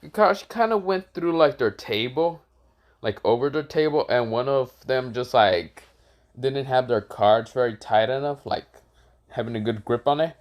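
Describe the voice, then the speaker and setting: A man casually improvising a fan-fiction story, rambling with self-corrections, swearing, and high shouted voices for characters. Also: animated, moderate pace, lo-fi sound.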